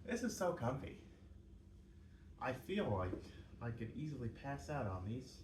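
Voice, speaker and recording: At night in his home, a young Canadian records a laid-back workout vlog, chatty and cracking jokes to himself between exercises. His voice is medium in pitch and a little mellow, swinging widely in pitch at a measured pace. A faint hum runs under the roomy, distant recording.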